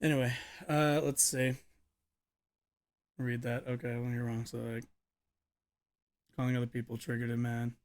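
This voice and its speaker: A man's voice: medium pitch, flat delivery, normal speed, long pauses. A young man streaming, reading a news article aloud with stumbles, mutters and offhand asides. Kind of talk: casual reaction stream.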